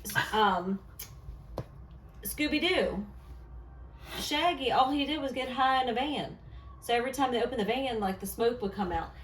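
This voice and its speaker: A woman's voice: fairly high pitch, moderate pace, long pauses. A middle-aged woman chatting casually with her grown child, making wry remarks. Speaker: vlogger's mother. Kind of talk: casual chat. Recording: distant mic with faint noise.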